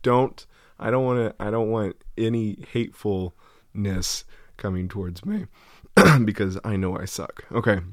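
A man's voice: fairly low pitch, expressive, unhurried, no echo, studio quality. Nervous, giggly man co-hosting. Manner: nervous, self-deprecating, giggly. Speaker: podcast co-host. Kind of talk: casual chat.

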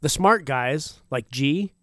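A male co-host talks bluntly in casual chat, swearing freely. His pitch moves a lot, and the recording is dry and close. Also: animated, takes it slowly, sharp tone, no echo. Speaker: podcast co-host.

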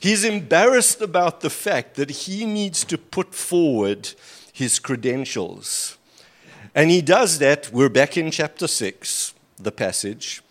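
A male preacher with a somewhat high voice that swoops widely as he talks. He reads scripture aloud with rising emphasis and drops into dry, sarcastic asides, speaking into a lectern mic. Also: sing-song, slow. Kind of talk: sermon with scripture reading. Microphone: handheld or stand mic at a lectern.

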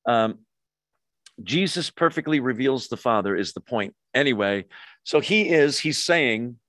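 A man preaching a sermon with an easy, conversational delivery, checking in with his listeners through frequent questions. His voice sits at an ordinary pitch. The sound is dry and close, with no room echo. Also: lively intonation, moderate pace, fairly bright tone. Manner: conversational, asks the audience questions. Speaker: pastor.

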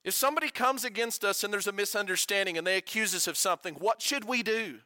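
A man preaching a sermon as pastor, conversational, asking the congregation questions and dropping to a quiet hush for emphasis. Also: high voice, fast talker, dry recording.

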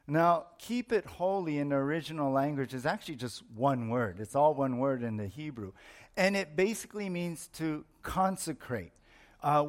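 A middle-aged man, a pastor, preaching a sermon in an explanatory teaching manner, repeating his points for emphasis. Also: medium pitch.

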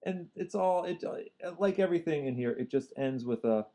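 A woman's voice: low-pitched, lively intonation, normal speed, mellow. A woman co-hosting a casual movie review chat, repeating words as she builds her points. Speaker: podcast co-host.

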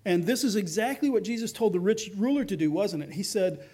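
A middle-aged man preaching a sermon, his voice sitting high for a man. He talks in an easy, conversational way and slips into the voices of the people in his stories. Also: expressive, a little fast, hardly any pauses, warm tone. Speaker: pastor.

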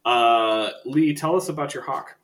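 A man's voice: medium pitch, a little slow, fairly bright tone. A man narrating as game master in a tabletop game. He talks loosely and laughs often.

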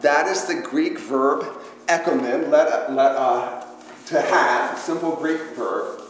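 A man's voice: fairly high pitch, takes it slowly. A man leading an interactive Bible study lesson, talking conversationally, quizzing the class with questions and making playful joking asides. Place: church hall. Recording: echoey church hall with long reverb.

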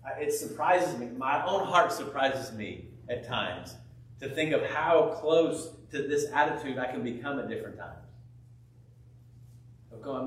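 Animated preacher man in an echoey church. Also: medium pitch, measured pace, distant mic, a little hiss or hum. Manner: animated storytelling, acting out biblical characters' voices. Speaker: pastor. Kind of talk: sermon.

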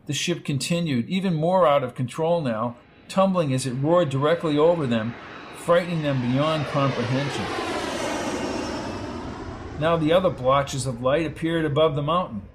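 A male audiobook narrator reads a dramatic science fiction story in a measured, steady way. His voice sits somewhat higher than usual for a man. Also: background noise. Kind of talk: scripted narration.

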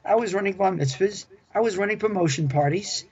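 On a dull lo-fi recording, an older man who once managed a club reminisces about his working life as an interview guest. His high, slightly mellow voice is brisk with a breathy edge, and he's chatty and enthusiastic, often repeating himself.

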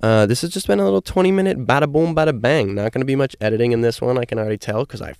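A young man rambling casually and upbeat through a solo podcast, with plenty of fillers, and he is high. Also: very fast, gravelly, darkish tone, smooth, no echo, clean studio sound. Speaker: podcast host.

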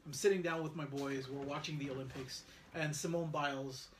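Co-hosting a podcast, a man with a fairly high voice talks fairly quickly over a noisy background. He's an animated storyteller sharing a family story in casual chat, acting out the lines of the people in it, including his son's.

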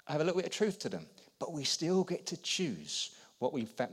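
A man preaching a sermon, animated and acting out quotes, swinging between loud and quiet. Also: mid-range voice.

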